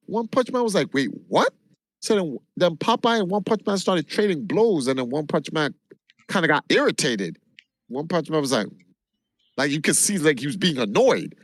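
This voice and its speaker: A man from Jamaica, a livestreamer, telling a long story in an animated, casual way and swearing freely. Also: fairly high pitch, dry recording. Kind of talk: casual chat.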